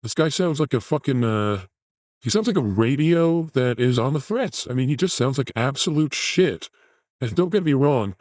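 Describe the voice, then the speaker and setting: A man hosting a comedy show, reacting to news and clips with deadpan, profane sarcasm. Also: medium pitch, moderate pace, no echo, low-quality recording. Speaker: show host.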